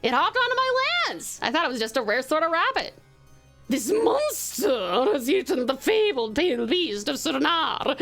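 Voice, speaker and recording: A woman's voice: high voice, creaky, a bit bright, full character voice. A woman with an Australian accent voicing a snooty, indignant noble who is demanding justice in a tabletop game.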